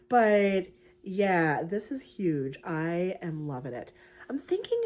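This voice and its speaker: A woman's voice: medium pitch, warm tone. Bubbly woman crafter. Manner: bubbly, chatty, lots of fillers. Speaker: crochet vlogger. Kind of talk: casual crafting vlog.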